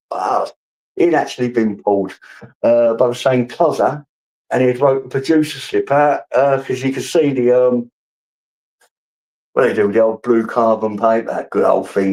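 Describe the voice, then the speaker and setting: A man's voice: medium pitch, a little mellow, low-quality recording. A man with a casual, swearing manner, rambling through stories and answering his chat as a live streamer.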